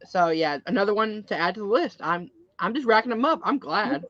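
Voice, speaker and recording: A woman's voice: mid-range voice, lively intonation, fairly quick, a bit bright, no echo. Woman on dull, dry lo-fi audio. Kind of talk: casual chat.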